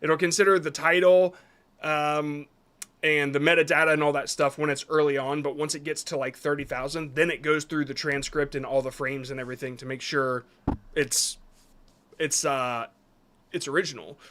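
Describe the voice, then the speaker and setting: A man's voice: a little high, flat delivery, moderate pace, a bit bright, a little hiss or hum. A man reviewing viewers' short videos on a live stream, talking casually and rambling a bit as he gives frank advice.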